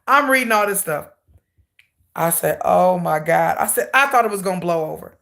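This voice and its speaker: A woman hosting a K-pop channel livestream, telling a dramatic, salty story with animated humor. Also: mid-range voice, a little fast. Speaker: K-pop YouTube channel host. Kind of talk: casual livestream rant.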